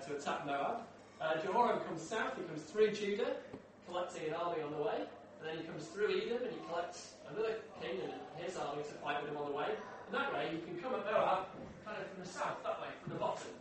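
Man preaching, chatty and questioning, high voice, picked up from afar in a big echoey hall. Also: recorded from a distance, slight background noise. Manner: conversational, asks the room questions. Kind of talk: sermon. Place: large echoey church hall.

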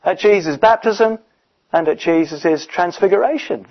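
A man preaching a sermon in a conversational, emphatic way, often pausing with fillers. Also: a little high, lively intonation. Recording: dull, muffled recording.

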